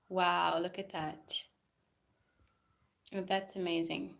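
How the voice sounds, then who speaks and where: A woman's voice: mid-range voice, a little slow. A woman from Port Elizabeth chatting on a phone live stream while she mops, reading out and answering viewer comments. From Port Elizabeth, South Africa. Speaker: livestreamer. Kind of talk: casual live-stream chat while cleaning.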